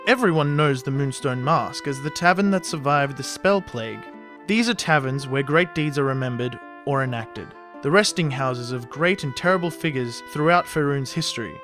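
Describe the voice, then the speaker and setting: A man reading scripted fantasy narration in a measured storytelling manner. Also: mid-range voice, animated. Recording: narration over soft fantasy music.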